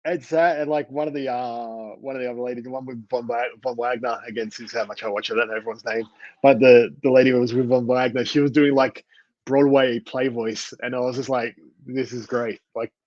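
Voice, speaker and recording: A man's voice: medium pitch, steady tone, brisk, darkish tone, dry recording, muffled recording. A man co-hosting a wrestling review podcast in casual chat, rambling with many fillers and restarts. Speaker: podcast co-host.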